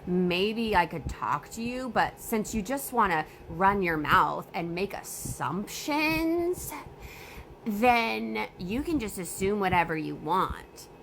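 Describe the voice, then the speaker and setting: A dismissive, smug woman playing sick, drawing out every word as she dodges the question, as a woman puts her on. Her voice sits slightly above the narrator's usual pitch and seems a little off-mic. Faint background noise runs underneath. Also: lively intonation, fairly bright tone. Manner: slow, drawn-out, evasive.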